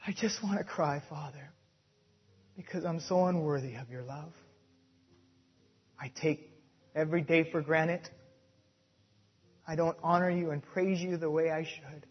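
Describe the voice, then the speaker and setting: A man preaching a sermon and leading a prayer, slow and emphatic, swelling loud and then dropping soft. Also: a little high, slightly rough, dull audio. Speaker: pastor.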